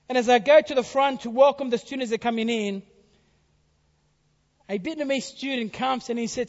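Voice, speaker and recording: High-voiced preacher in a reverberant hall. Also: male voice, steady tone, fairly quick, long pauses. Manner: dramatic swings from loud to hushed whispers. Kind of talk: sermon. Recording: dull sound in a reverberant hall.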